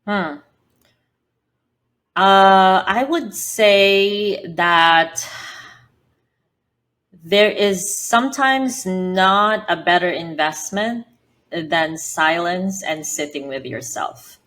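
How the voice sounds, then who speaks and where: A woman's voice: lowish voice, extremely slow, pauses often, a bit bright. A woman from the Philippines with a Filipino accent, answering interview questions in an earnest, explanatory way with frequent fillers. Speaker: podcast guest, business founder.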